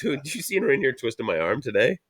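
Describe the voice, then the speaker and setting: A man's voice: medium pitch, fast, husky. A man, telling a rambling story full of swearing as a podcast host. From Canada. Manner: rambling, swears constantly, animated retelling. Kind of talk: casual profane storytelling.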